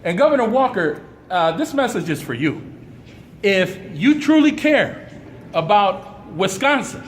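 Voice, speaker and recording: A high-pitched man gives an impassioned press conference statement. His delivery is fiery and preacherly, climbing into outrage, and his voice rings through an echoey hall over faint background noise. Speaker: community activist at press conference.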